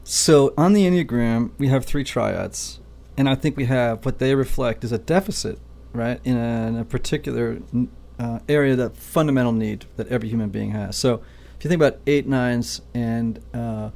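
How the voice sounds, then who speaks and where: A man with a gravelly edge to his voice walks through his ideas step by step, like a patient teacher. He keeps pausing to check that his guest is following along. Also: medium pitch, a little mellow. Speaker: podcast host and Enneagram teacher. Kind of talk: explanatory interview talk.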